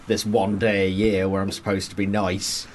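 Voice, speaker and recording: A man putting on the voice of a boorish man complaining about having to be nice, in a low grumbling tone. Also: little pitch movement, moderate pace, slight background noise, natural voice.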